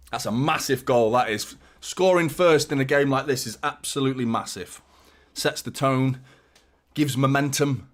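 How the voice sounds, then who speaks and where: A man hosting a live football watchalong, giving fan commentary and chatting to viewers, excitable and prone to swearing. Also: medium pitch, slow, long pauses. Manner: chatty, addresses viewers as mate. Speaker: watchalong host. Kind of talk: live match commentary and chat.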